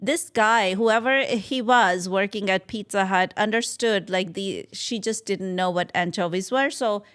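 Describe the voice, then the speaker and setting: A woman's voice: mid-range voice, measured pace, hardly any pauses, fairly bright tone, smooth. A middle-aged woman from Punjab, India, animatedly telling a family story in casual chat and acting out the dialogue. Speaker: podcast co-host.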